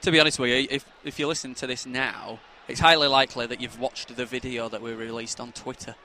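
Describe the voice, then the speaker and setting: A man's voice: medium pitch, level tone, fast talker, slight background noise. A man co-hosting a podcast, chatting and joking with a friend at a football match. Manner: joking, chatty, jumps between loud outbursts and mutters. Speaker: podcast co-host. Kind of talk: casual chat.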